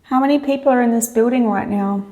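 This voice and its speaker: A woman hosting a ghost-hunting vlog, asking slow, coaxing questions to spirits inside an old prison hallway. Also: on the high side, warm tone. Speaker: paranormal investigator and host. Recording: echoey hall with long reverb.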